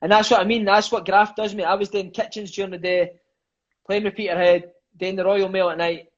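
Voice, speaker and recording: Scottish man, 30s, raised-pitch chatty storyteller, swears a lot, lo-fi dull audio. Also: flat delivery. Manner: swears freely, fills lines with "mate" and "aye", quick enthusiastic storyteller. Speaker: podcast guest. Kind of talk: casual storytelling chat.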